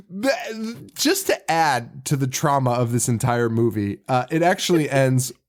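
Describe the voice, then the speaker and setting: A man co-hosting a horror movie podcast in loose, casual chat. He rambles through fillers and restarts and keeps breaking into laughter, at a middling pitch. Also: big pitch swings, slow pace. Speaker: podcast co-host.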